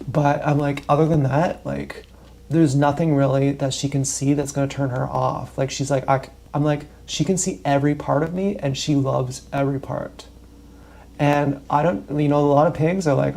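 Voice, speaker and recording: A man's voice: mid-range voice, level tone, normal speed, vocal fry, a little mellow, slight background noise. A man livestreaming a rambling, profane, meandering monologue with emphatic bursts.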